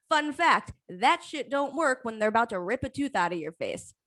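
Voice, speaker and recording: A young adult woman telling a comic personal story on a live stream, profane, animated and self-mocking. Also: on the high side, moderate pace, few pauses, dry recording.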